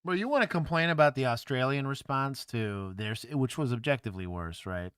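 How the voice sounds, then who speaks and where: Animated man hosting a livestream. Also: medium pitch, brisk, background noise. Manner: animated, blunt reactions with laughs. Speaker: former police officer, stream host. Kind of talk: casual livestream commentary.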